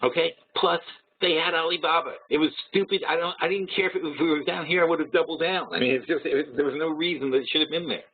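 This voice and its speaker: A man's voice: on the high side, fast, few pauses, a little hiss or hum. Blunt man on a tinny line. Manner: blunt, talks through numbers aloud with restarts. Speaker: webinar host. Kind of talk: casual trading webinar. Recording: tinny phone-like audio.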